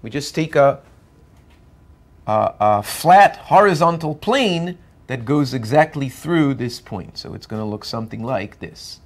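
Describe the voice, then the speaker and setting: A man's voice: mid-range voice, animated, unhurried. A man giving a university math lecture, explaining step by step as he draws and often checking that students follow. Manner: explains step by step while drawing.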